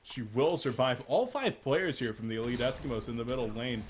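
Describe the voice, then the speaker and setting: A man casting a live esports match, excitable and jokey, quick to laugh at his own puns. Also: mid-range voice, slight background noise. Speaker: esports caster. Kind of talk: live game commentary.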